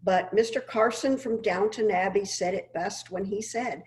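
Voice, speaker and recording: A woman's voice: mid-range voice, normal speed, few pauses, darkish tone. An older woman joins an online chat over a video call as a guest presenter. She speaks with an upbeat, enthusiastic manner and a mid-range voice. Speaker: cruise line guest presenter. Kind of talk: casual virtual chat.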